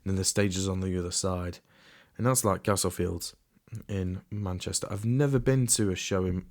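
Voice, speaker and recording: A man's voice: deep voice, steady tone, moderate pace, no room sound, clean studio sound. A man hosting a solo podcast in a casual, rambling way, often restarting and trailing off into asides. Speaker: podcast host.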